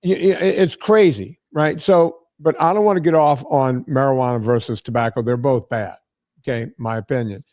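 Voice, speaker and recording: A man's voice: medium pitch, normal speed, a little mellow, no room sound, clean studio sound. A man hosting a podcast, telling a story in a casual, profane, exasperated way. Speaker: podcast host.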